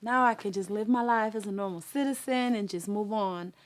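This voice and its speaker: A woman in her forties telling her personal testimony in an earnest, halting way. She pauses often with fillers and raises her voice as she acts out remembered conversations. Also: medium pitch. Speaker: guest sharing her testimony.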